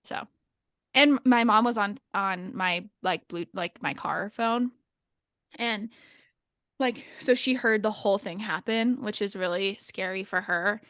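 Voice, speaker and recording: A woman's voice: medium pitch, measured pace, a bit bright, no echo, clean studio sound. A young adult woman chatting casually on a podcast, telling a story with lots of filler words and nervous laughs. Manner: laughs nervously while recounting.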